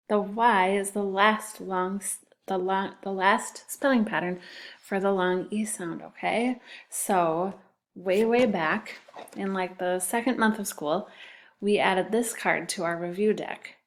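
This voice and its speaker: A woman's voice: medium pitch, steady tone. A woman teacher giving a phonics lesson to young children, speaking patiently and spelling words out letter by letter. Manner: slow, patient, drawn-out spelling.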